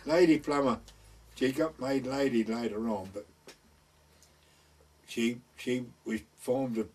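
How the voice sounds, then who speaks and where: This older village storyteller's mid-range voice is a little mellow, picked up by a distant mic. Speaking a North Essex / West Suffolk border dialect from East Anglia, England, he rambles through village tales for an oral-history recording and imitates the people he quotes.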